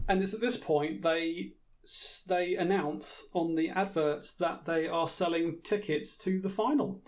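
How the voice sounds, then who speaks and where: A man's voice: fairly high pitch, a little slow, faint music behind. A man co-hosting a podcast, chatting casually and dryly reading from his notes, often stammering and laughing along. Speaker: podcast co-host. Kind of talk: casual comedic chat, recapping from notes.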